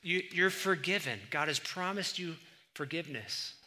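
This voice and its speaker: Bright-voiced animated male preacher. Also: normal speed. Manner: animated, rises in pitch and volume for emphasis; conversational asides and restarts. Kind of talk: sermon.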